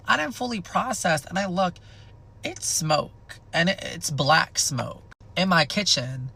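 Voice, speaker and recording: A young man with a somewhat high, gravelly voice and a bright, forceful edge spins a chaotic personal story. He swears freely and throws himself into the telling, animated and dramatic. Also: moderate pace, slight background noise. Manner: animated, profane, dramatic retelling. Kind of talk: casual storytime.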